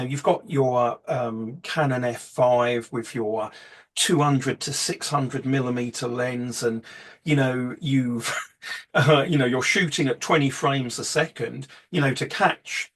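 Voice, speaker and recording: Husky man rambling through a talk. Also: medium pitch. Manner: rambling, heavy with fillers and restarts. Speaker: photography workshop presenter. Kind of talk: casual slide presentation.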